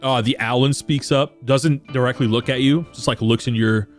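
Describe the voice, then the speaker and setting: A man's voice: medium pitch, fairly even intonation, moderate pace, faint music behind. A man narrating as game master in a tabletop game, laughing often.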